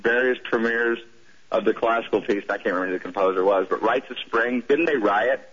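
A man's voice: mid-range voice, fairly quick, a bit bright. A man from the southern United States with a Southern accent, calling in to a radio show and rambling with many restarts. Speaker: caller. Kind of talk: call-in radio conversation. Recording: muffled radio broadcast audio.

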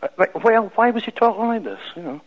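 A man with a Scottish accent, a radio guest telling a personal story in an animated way, with many restarts. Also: high-pitched, quick pace. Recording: lo-fi radio broadcast.

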